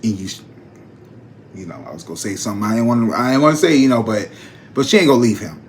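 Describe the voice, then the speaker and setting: A man hosting a casual gossip vlog, chatty and slangy, talking straight to his viewers with animated jumps in pitch. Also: fast, a little hiss or hum. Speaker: psychic channel host.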